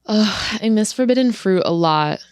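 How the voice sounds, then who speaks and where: A young woman co-hosting a podcast in relaxed casual chat, easygoing with short agreeing replies. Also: mid-range voice, normal speed, smooth, dry recording, clean studio sound. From New York. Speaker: podcast co-host.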